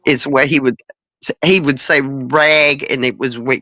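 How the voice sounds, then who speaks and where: Host woman, unhurried drawl, bright forward tone, rambling anecdotes with chuckles. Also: extremely low pitch, fairly even intonation, no echo, poor audio. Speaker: panel chat host. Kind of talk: casual chat.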